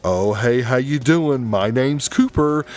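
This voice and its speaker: A man's voice: mid-range voice, lively intonation, slow pace, a little mellow, faint music behind, voice pushed up. A man putting on the voice of an awkward, overly wholesome family dad who talks in a corny, fake-friendly sing-song. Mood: chipper.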